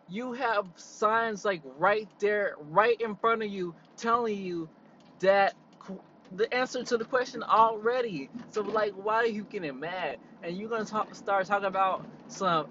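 A young man in a car, telling an exasperated, animated story as a casual vlog rant and leaning on "like" a lot. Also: sits high, measured pace, lo-fi sound, a little hiss or hum. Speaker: vlogger.

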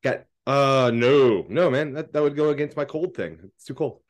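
A man co-hosting a podcast, chatting casually and telling stories, swearing freely and loudly acting out quoted lines. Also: mid-range voice, normal speed. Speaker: podcast co-host. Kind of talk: casual chat, storytelling.

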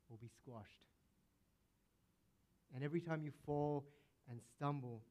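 A man preaching a sermon as pastor, asking the congregation rhetorical questions, rising with emphasis and then dropping to a hushed tone. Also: mid-range voice.

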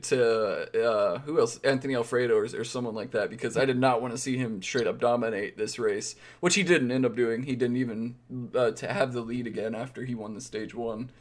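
A man's voice: medium pitch, steady tone, a little fast, hardly any pauses. A man co-hosting a casual sports podcast, rambling and wry, often correcting himself mid-sentence. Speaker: podcast co-host.

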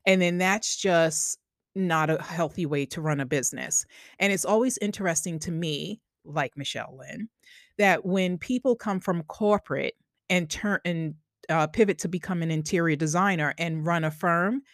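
A woman's voice: lowish voice, moderate pace, no echo, clean studio sound. A woman with a Long Island accent hosting a podcast in an upbeat, chatty way. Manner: bubbly, enthusiastic, chatty. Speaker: podcast host. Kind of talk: casual podcast chat.

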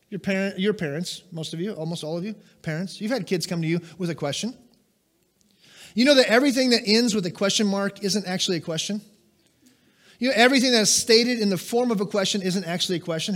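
A middle-aged man preaching a sermon, emphatic and asking the congregation questions. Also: high-pitched. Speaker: pastor.

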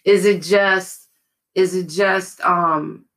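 A woman's voice: fairly low pitch, steady tone, very slow, a bit bright, poor audio. A middle-aged woman hosting a podcast over a video call, talking frankly, laughing often and swearing casually. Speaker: podcast host. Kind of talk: casual chat.

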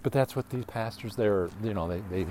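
A man hosting a podcast, talking in a casual, rambling monologue that is animated and exasperated, full of restarts and asides. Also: on the low side, brisk, slight background noise. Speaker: podcast host.

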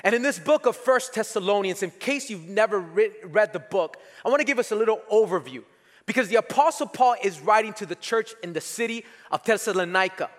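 Pastor, man, high voice, emphatic sermon delivery, long church-hall reverb. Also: expressive, brisk. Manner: emphatic preaching, repeats key phrases, leads the congregation.

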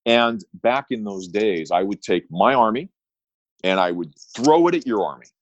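A man's voice: fairly low pitch, lively intonation, normal speed, no echo, lo-fi sound. A middle-aged man, an attorney talking as a guest in an interview, telling stories with emphatic, punchy repeated phrases. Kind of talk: interview storytelling.

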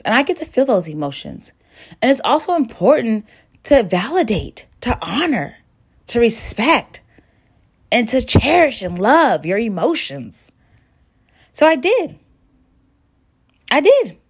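A woman hosting a podcast, who talks straight to her listener in a warm, sisterly way and shares her feelings openly. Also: a little high, very animated, unhurried, husky. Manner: emotive, sisterly, addresses listener directly. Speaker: podcast host. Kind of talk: personal motivational monologue.

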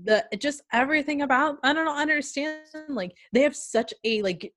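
A woman's voice: high-pitched, normal speed, a bit bright, soft background music. Young woman chatting, gushing and earnest, trips over her words a lot. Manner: earnest, effusive, stumbling restarts. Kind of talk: casual chat.

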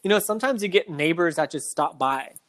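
A man's voice: fairly high pitch, a little fast. A man co-hosting a podcast, telling stories in casual chat, leaning on "like" and swearing now and then. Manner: animated storyteller, heavy use of "like", swears. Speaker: podcast co-host.

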